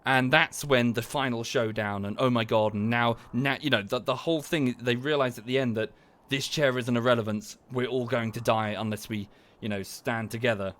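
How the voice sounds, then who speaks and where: A man's voice: mid-range voice, steady tone, moderate pace, hardly any pauses, fairly bright tone. A man, streaming from home and ranting about a TV series in a casual, rambling way, swearing, trailing off and restarting his sentences. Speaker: livestreamer. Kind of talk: casual livestream rant.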